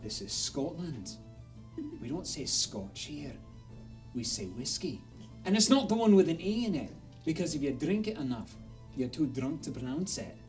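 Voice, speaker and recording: A man voicing a stern, gruff Scottish pub bartender who talks low and hushed, with menace. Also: sing-song, normal speed, far from the mic, faint music behind. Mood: stern lecturing.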